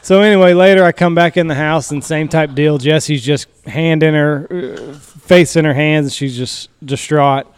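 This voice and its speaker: A man's voice: a little high, steady tone, moderate pace, hardly any pauses, clear, resonant tone, dry recording. A man co-hosting a hunting podcast, telling crude family stories with laughter and swearing in casual banter. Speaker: podcast co-host and hunting guide.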